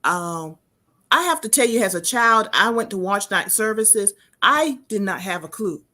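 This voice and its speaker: A woman's voice: medium pitch, expressive, normal speed, bright, forceful tone. A woman hosting an interview in a chatty, personal way, often restarting her phrases. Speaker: host. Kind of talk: conversational interview.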